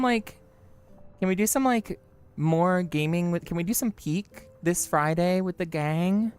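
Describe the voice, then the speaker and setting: A livestreamer chatting casually with viewers and friends, joking, swearing and mocking themselves, with the pitch jumping high for greetings. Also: measured pace, smooth. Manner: joking, profane, self-mocking.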